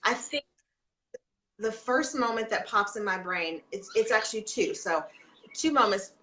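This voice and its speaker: A woman's voice: mid-range voice, animated, measured pace, bright, forceful tone, echoey room, a little hiss or hum. A woman guest chatting in an interview, telling stories with lots of fillers and restarts. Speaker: guest, homeschooling mother. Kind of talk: casual interview chat.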